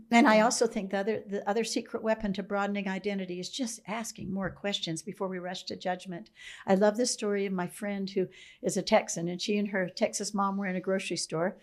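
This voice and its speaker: A woman guest tells a story in a reflective, musing way, pausing now and then to clear her throat. Her voice sits at an ordinary middle pitch. She sounds thoughtful rather than performed. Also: steady tone.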